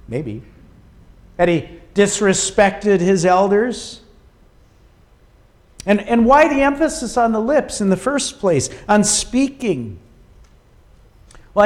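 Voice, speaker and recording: A man preaching a sermon, emphatic and dramatic, often dropping to a quiet, low delivery for weight. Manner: slow, emphatic preaching with dramatic drops in volume.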